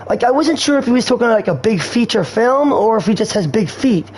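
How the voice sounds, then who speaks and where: Slangy high-voiced male streamer. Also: lively intonation, brisk, darkish tone, breathy edge. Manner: slangy, rambling, erratic. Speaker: game streamer. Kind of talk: rambling casual stream talk.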